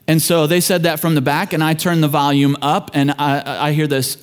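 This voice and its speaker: A pastor delivers a sermon in a relaxed, storytelling way, with casual asides to his listeners. He is a middle-aged man with a notably high speaking voice. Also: fairly quick, hardly any pauses, clear, resonant tone. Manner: conversational storytelling, folksy asides.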